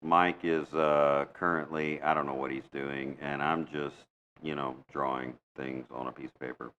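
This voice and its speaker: A man co-hosting a podcast in casual chat, thinking aloud and making measured points with frequent restarts. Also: very deep voice, flat delivery, sharp tone, slight background noise. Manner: reflective, makes measured points with repeated restarts. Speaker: podcast co-host.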